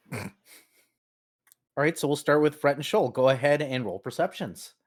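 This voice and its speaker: A man's voice: fairly high pitch, moderate pace. Man running a tabletop game. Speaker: game master.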